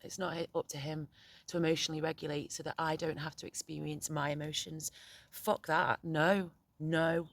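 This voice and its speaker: A middle-aged woman speaking in a candid, reflective monologue, frank and halting, often swearing, with many restarts as a poet and parent. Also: low voice, level tone, gravelly, dry recording.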